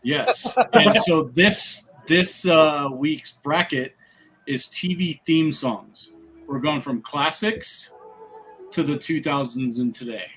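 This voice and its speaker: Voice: mid-range voice, lively intonation, takes it slowly, a bit bright, faint music behind, rough recording. A podcast host running a livestream bracket segment, announcing each matchup casually. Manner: game-show announcing. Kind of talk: casual chat.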